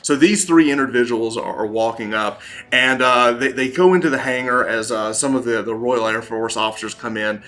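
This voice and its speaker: Southern game master, bright, rambling narration. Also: male voice, mid-range voice, moderate pace. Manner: rambling, many fillers and restarts.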